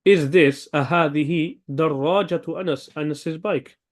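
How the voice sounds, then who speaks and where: A man's voice: fairly high pitch, brisk. A man teaching an Arabic grammar class, thinking aloud and checking in with "okay?" often. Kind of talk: online language lesson.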